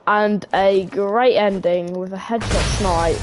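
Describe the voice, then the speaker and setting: A woman's voice: mid-range voice, steady tone, takes it slowly. A woman live-streaming a video game, chatting casually and greeting viewers by name. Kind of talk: live gameplay commentary. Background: background music.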